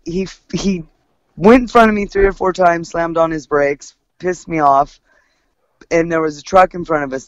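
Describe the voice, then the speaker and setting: Woman, podcast co-host, blunt, profane, animated, dry close sound. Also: sits low, no room sound, dull audio. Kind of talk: casual chat, storytelling.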